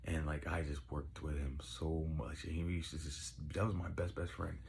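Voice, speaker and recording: A young man telling rambling, profane stories in casual chat, getting excitable as he goes. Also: a bass voice, moderate pace, gravelly. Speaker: podcast host. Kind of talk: casual storytelling.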